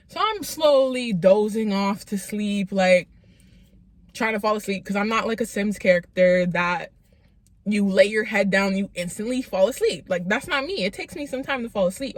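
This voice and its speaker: A young woman telling a true story to her viewers in an animated, slangy way, often calling them "y'all". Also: fairly high pitch, no echo. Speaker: vlogger. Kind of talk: storytime vlog.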